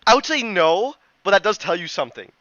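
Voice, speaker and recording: A man's voice: high voice, sing-song, a little fast, fairly bright tone, no room sound. A man narrating a tabletop game as game master, in a loose, chatty way with many restarts. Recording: dull lo-fi, dry.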